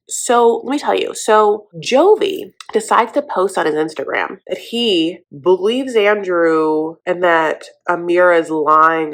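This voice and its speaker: A woman's voice: fairly low pitch, gravelly, a bit bright. Sassy, gossipy woman recapping TV. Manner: sassy, gossipy, says "honey" a lot. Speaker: reality TV recap host. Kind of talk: sassy casual commentary.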